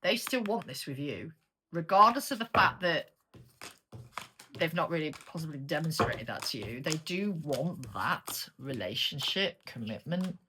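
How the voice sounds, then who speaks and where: A woman's voice: sits low, lively intonation, unhurried, noisy background. A woman with a British accent giving a casual, chatty tarot reading, blunt and sweary as she turns the cards. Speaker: tarot reader.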